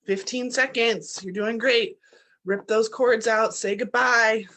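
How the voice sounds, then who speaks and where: A woman leading a guided breathwork class, coaching in an energetic, blunt manner with the odd swear word and chanting affirmations that build in force. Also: fairly high pitch, slow pace. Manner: chants affirmations, pushes louder toward the end. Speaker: breathwork and meditation leader.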